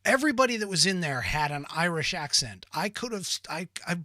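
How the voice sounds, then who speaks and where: A middle-aged American man hosting a call-in podcast, chatting casually with quick asides and frequent restarts. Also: sits high, big pitch swings, sharp tone, no echo. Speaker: podcast host.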